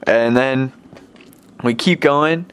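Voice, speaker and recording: A man's voice: medium pitch, drawn-out words, smooth. A young adult man telling a story casually to the camera as a missionary, rambling and filling gaps with "like.". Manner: rambling, filler-heavy, lots of "like".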